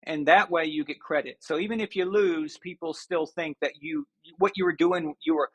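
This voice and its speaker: A man's voice: fairly high pitch, fairly even intonation, moderate pace, hardly any pauses, fairly bright tone, breathy edge. A man hosting a sports talk show, ranting and sarcastic. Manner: ranting, sarcastic, mocking impressions. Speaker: show host.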